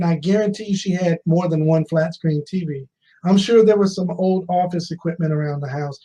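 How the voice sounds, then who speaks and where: Mellow-voiced man telling a story onstage. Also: sits high, rough recording. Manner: tells a personal story, addressing the audience with questions; repeats key phrases for emphasis. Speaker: conference speaker. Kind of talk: motivational storytelling speech.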